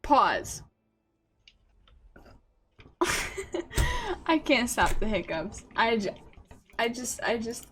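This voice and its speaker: A woman's voice: fairly high pitch, expressive, very slow, pauses often, fairly bright tone, a little hiss or hum. A young woman streaming a game, hiccuping, giggling and swearing in casual chat.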